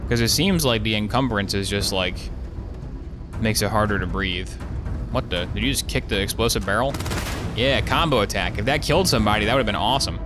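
Male streamer, lowish voice, dry sarcastic let's play banter, loud game music under him. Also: brisk. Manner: sarcastic, joking, excitable yelps. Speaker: gameplay streamer. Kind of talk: casual let's play commentary.

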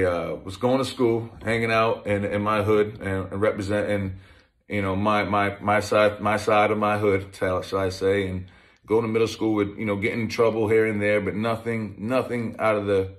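A man's voice: lowish voice, fairly even intonation, moderate pace. A man in his thirties, a former pro football player, telling his life story in a conversational way, with many restarts. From Massachusetts, USA. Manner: conversational, with frequent restarts and fillers. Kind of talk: personal storytelling talk.

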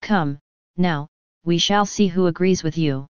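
A woman's voice: lowish voice, unhurried, clear, resonant tone, no echo, highs cut off, close to an everyday voice. A woman voicing a confident, jovial male police inspector in an audiobook. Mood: brisk.

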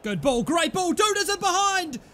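Excitable high-voiced gaming commentator. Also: male voice, normal speed. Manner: excitable, shouts at the game, swings from groans to yelling. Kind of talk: live gameplay commentary.

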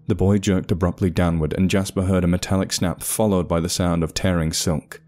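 A man narrates a horror story in a measured, ominous manner, his voice low and mellow. Faint music runs underneath. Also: fairly even intonation. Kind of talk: scripted narration.

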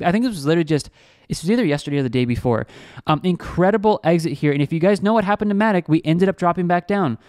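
Energetic young male vlog host, quick and clear, pitching trades with constant "guys". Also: dry recording, clean studio sound. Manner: energetic, hyped, repeats "guys" and "like". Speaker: crypto trading channel host. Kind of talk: screen-share trading vlog, salesy.

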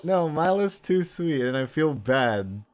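A man's voice: fairly high pitch, sing-song, slow. A man hosting a casual game stream, chatting loosely, talking to himself and swearing now and then. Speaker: streamer host. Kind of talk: casual gameplay chat.

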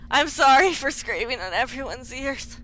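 A woman's voice: sits high, pushed and bright. A young woman streaming a horror game, screaming and gasping in fright. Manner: screams, gasps and yelps in fright. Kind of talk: live horror game reactions.

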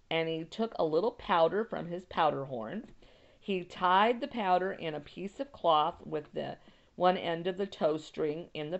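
A woman teacher reading a novel chapter aloud and pausing to explain it, unhurried. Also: on the low side, gravelly, highs cut off.

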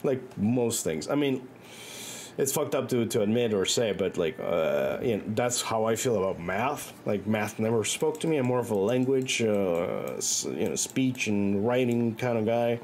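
A man's voice: on the low side, lively intonation, unhurried, darkish tone, a little hiss or hum. A man streaming a game and chatting loosely with viewers, swearing freely and rambling through frequent restarts and fillers. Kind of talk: casual stream chat. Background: faint music.

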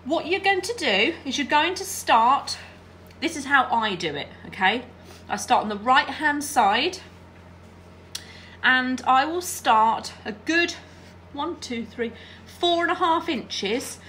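High, bright-toned woman for a chatty sewing tutorial, working at her machine and asking the viewer to follow along. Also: animated, takes it slowly, slight background noise. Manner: chatty, checks in with "all right?". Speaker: quilting teacher. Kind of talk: hands-on craft tutorial.

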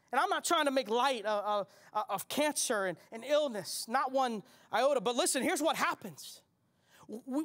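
A man's voice: very high voice, a bit bright. A male pastor preaching a sermon, repeating his key lines with rising emphasis and turning to ask the congregation questions. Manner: conversational, asks the congregation questions.

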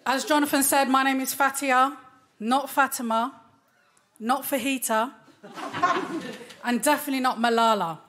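A woman in her thirties with a London accent, performing a stand-up comedy set with a cheeky, deadpan delivery. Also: high voice, normal speed, pauses often, noisy background. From London, England. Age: 30s. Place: small comedy club stage. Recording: live club recording with loud crowd. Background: loud audience laughter and applause.

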